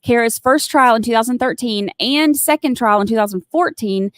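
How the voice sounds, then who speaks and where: A woman's voice: a little high, moderate pace, no room sound, studio quality. A woman with a Southern US accent, hosting a casual livestream, chatty and rambling with lots of fillers and restarts. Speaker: livestream host.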